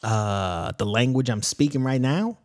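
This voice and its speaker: A man's voice: medium pitch, lively intonation, measured pace. A man playing a bragging Southern basement dweller. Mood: boastful. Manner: rambling, loses his words, defensive bragging. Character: boastful dim man living in a basement. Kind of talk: improvised comedy character chat.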